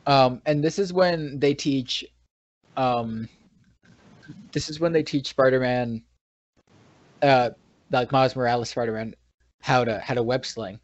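A man's voice: medium pitch, fairly even intonation, measured pace, long pauses, no room sound. A man from New York recapping a movie in casual chat, retelling scenes with frequent restarts and trailing sentences. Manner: rambling retelling with many restarts. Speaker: podcast co-host. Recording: dull, dry lo-fi recording.

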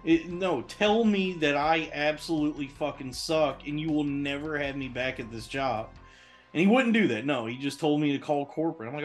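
A man's voice: fairly high pitch, normal speed, soft background music. A man, a podcast host, telling a long casual story in a rambling, profane way, full of restarts and fillers.

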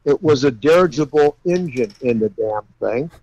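A man guest, a custom car builder, telling folksy, animated stories and laughing along the way. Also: medium pitch, normal speed, highs cut off. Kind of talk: anecdotal storytelling.

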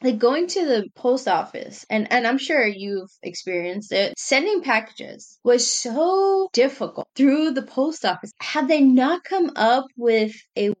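A woman in her thirties, a podcast co-host, in casual conversational chat with laughing asides. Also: a little high.

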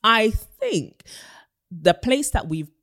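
A woman's voice: fairly high pitch, very animated, slow pace, fairly bright tone, dry recording, clean studio sound. A woman co-hosting a podcast, talking earnestly and with emphasis in a casual chat, with playful asides. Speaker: podcast co-host.

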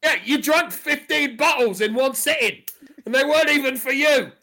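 A man's voice: very high-pitched, normal speed, pushed and bright, voice pushed up, exaggerated voice. A man voicing a brash, boastful pub landlord who blusters and insults people, improvised in a role-play game. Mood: blustering.

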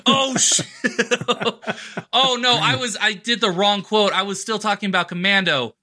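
A man with a high, very sharp and bright voice jokes excitably on a podcast. He throws in quick asides. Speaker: podcast co-host. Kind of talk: casual podcast chat.

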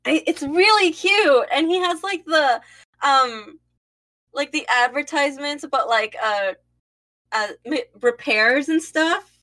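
Bright high-voiced woman, slow playful chat. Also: expressive. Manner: playful, dramatic outbursts, swearing. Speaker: podcast co-host. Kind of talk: casual fan chat.

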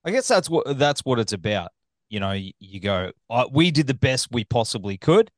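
A man's voice: mid-range voice, very animated, normal speed, no echo, studio quality. A man hosting a podcast interview, joking and loose, swearing casually. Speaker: podcast host.

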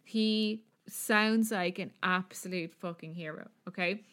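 A woman's voice: fairly low pitch, unhurried, a bit bright. Chatty Irish woman telling a story. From Ireland. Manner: chatty, profane, many fillers. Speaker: podcast co-host. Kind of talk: casual storytelling chat.

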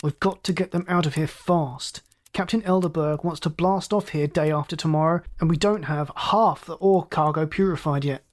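A narrator doing a crisp, urgent first mate. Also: mid-range voice, moderate pace, lightly acted. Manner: crisp, commanding. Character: terse, urgent male first mate of a freighter.

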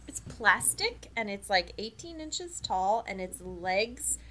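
A woman chatting casually on a podcast, jumping in with quick quips. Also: mid-range voice, big pitch swings, pushed and bright. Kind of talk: casual chat.

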